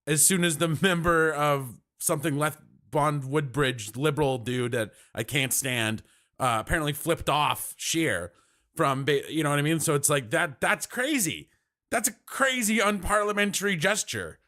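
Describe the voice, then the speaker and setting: A Canadian man hosting a live stream, reacting to parliament in casual, animated commentary. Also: a little high. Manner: animated, exasperated, talks fast in bursts.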